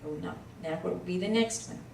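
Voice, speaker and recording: A woman leads a casual one-on-one reading lesson as tutor, patiently sounding out each letter and syllable slowly. Her voice sits a little low. She is recorded from across an echoey room, with a faint hiss underneath. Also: gravelly, a little mellow, recorded from a distance.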